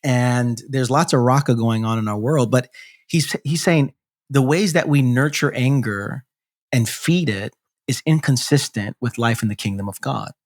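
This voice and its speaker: A man, a pastor guest on a podcast, explaining theology in a thoughtful, measured way with frequent fillers. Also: medium pitch. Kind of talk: reflective theological discussion.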